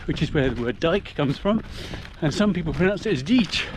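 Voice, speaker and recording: A man's voice: a little high, expressive, brisk. A middle-aged man giving a chatty, explanatory commentary while running a muddy rural trail. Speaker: vlogger. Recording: noisy outdoor recording.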